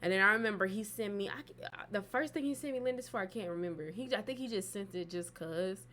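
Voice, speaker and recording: A woman's voice: medium pitch, fast talker, a bit bright, slight background noise. A woman casually telling a personal story on her vlog, loose and profane, with plenty of fillers. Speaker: storytime vlogger.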